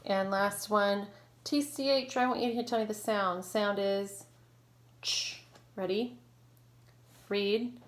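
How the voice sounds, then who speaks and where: A woman teacher leading an online phonics lesson, modeling sounds clearly and slowly and praising her students. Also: mid-range voice. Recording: echoey room with faint noise.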